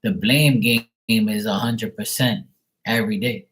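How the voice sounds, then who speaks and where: A man's voice: fairly low pitch, fairly even intonation, unhurried, a bit bright, low-quality recording. A man chatting casually on a live tarot stream, blunt and swearing freely. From Bermuda.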